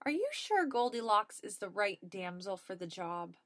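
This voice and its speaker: A woman's voice: mid-range voice, sing-song, fairly bright tone. Woman voicing a nervous, hesitant gnome. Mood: awkward. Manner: halting, hedging, stumbling over words.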